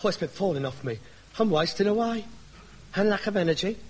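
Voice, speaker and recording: Whiny hypochondriac son, theatrical, high voice swooping up and down. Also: male voice, animated, fairly quick. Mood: whining. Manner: theatrical, whining, self-dramatizing. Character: melodramatic hypochondriac grown son, pompous and whiny. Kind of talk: sitcom acting.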